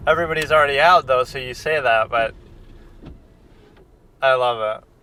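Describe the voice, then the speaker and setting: A man's voice: mid-range voice, normal speed, bright, forceful tone, clean tone. A man in a casual reaction chat as a film critic, rambling and conversational, with lots of fillers and restarts. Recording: distant mic with street traffic noise.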